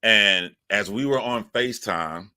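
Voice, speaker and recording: A man's voice: on the low side, measured pace, sharp tone, smooth, no echo, clean studio sound. A man hosting his own livestream, talking casually and rambling with frequent restarts into his phone. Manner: rambling, self-correcting, chatty. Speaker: YouTube livestream host.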